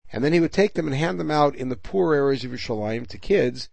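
A man's voice: a little high, lively intonation, fast talker, vocal fry, a little mellow, no room sound. An older man teaching a Talmud class. He reads the Hebrew and Aramaic text aloud and explains each line in English. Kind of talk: Talmud class, reading and translating.

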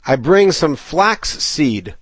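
A man's voice: on the high side, big pitch swings, slow pace, fairly bright tone, husky, dry recording. A man teaching a Talmud class, reading Aramaic passages aloud and then explaining them in English with frequent restarts.

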